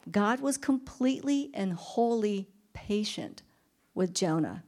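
Woman, Bible study leader, casual and talkative, lots of "like" and "I mean", quick laughs. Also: medium pitch, expressive, darkish tone. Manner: chatty, thinks aloud with fillers; laughs often while retelling. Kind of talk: informal Bible teaching.

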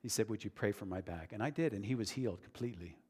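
A man's voice: fairly low pitch, quick pace, a little mellow, slightly rough. A man preaching a sermon in an earnest, conversational way that builds to emphatic declarations. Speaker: pastor. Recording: long reverb of a large hall.

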